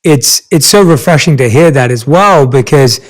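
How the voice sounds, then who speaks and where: A man's voice: medium pitch, expressive, normal speed, poor audio. A man hosting a podcast interview, asking questions in an enthusiastic, affirming way. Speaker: podcast host. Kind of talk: conversational interview.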